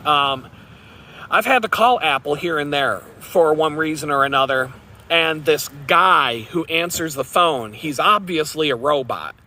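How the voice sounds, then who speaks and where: Male vlogger, sarcastic rambling rant, bright forceful tone, slightly high pitch. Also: a little slow. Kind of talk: casual rant to camera.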